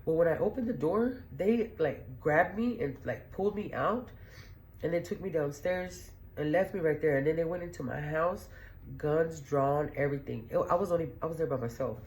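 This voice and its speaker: A woman's voice: deep voice, normal speed, darkish tone. A middle-aged woman hosting a podcast, telling stories in a blunt, profane, rambling way and laughing as she goes. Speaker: podcast host. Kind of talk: casual storytelling monologue.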